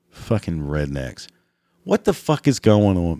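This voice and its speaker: A man's voice: low voice, sing-song, unhurried, mellow, no echo, studio quality. A man delivering a crude, exasperated comedic rant, laughing at his own jokes, his voice cracking. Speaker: comedic ranter.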